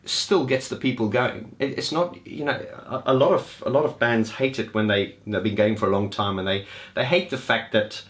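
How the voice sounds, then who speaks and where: A man's voice: medium pitch, moderate pace. A man giving a casual, enthusiastic spoken review of concerts, rambling and restarting as he goes. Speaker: music vlogger reviewing gigs.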